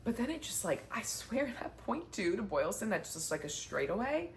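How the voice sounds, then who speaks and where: A woman's voice: mid-range voice, big pitch swings, normal speed, few pauses. A young woman talks to the camera in a casual sit-down chat, chatty and heartfelt, with lots of "like" fillers. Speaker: vlogger, marathon runner. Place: indoors, sitting down. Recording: faint background noise.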